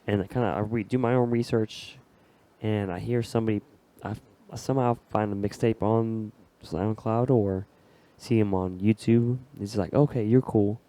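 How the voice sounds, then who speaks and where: A man hosting a podcast, raspy from a cold, talking in a laid-back, slangy way. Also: lowish voice, fairly even intonation, moderate pace, dark tone. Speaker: podcast host. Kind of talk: casual podcast chat.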